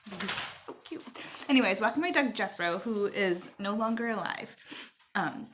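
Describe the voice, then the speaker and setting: A middle-aged woman telling a rambling personal story at home to her viewers, with fillers and pauses. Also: medium pitch, expressive, noisy background. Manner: chatty, rambling with fillers, stops to talk to her child. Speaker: vlogger. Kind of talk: casual storytelling to camera.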